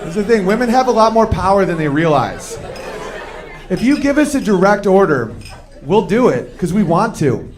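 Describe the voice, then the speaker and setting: A man performing a stand-up comedy set, animated and acting out the people he quotes. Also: sits high. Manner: animated, acts out quoted voices. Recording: live show with crowd. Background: audience laughter.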